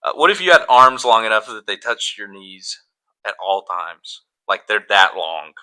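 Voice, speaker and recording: Young male podcast co-host: bright, animated, playful banter. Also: fairly low pitch, normal speed, clean tone. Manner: playful, posing silly hypotheticals and laughing. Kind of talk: casual chat.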